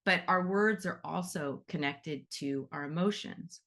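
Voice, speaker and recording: A woman's voice: low voice, measured pace, fairly bright tone. A woman teaching an energy-work session in a chatty, demonstrative way, laughing easily as she walks through examples. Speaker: animal reiki teacher.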